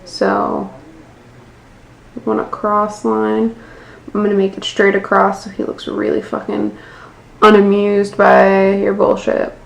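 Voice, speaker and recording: A woman's voice: mid-range voice, monotone, slow, creaky, pauses often. An American woman in her twenties narrating a casual nail art tutorial, self-deprecating and swearing casually. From United States. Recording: echoey room, faint background noise.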